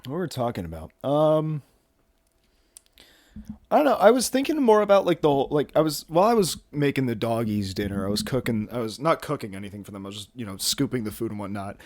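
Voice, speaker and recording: In this casual rambling vlog, a young man in his twenties talks quickly from home, his mid-range voice a little mellow and full of big pitch swings. He jokes at his own expense, piling on fillers and restarts, and sounds a bit out of breath. There's no echo.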